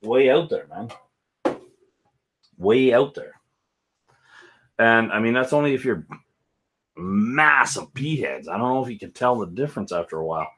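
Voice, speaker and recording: A man's voice: mid-range voice, animated, moderate pace, long pauses. A man hosting a casual whisky chat at home, rambling and joking with frequent laughs. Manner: rambling, jokey, loud laughs. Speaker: whisky channel host.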